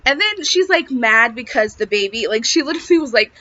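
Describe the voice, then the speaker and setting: A woman's voice: a little high, a little fast. A young woman telling a personal story to camera in a casual, chatty way, filling her talk with "like". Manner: chatty, peppered with "like", animated retelling. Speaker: vlogger sharing a pregnancy update. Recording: dull lo-fi audio.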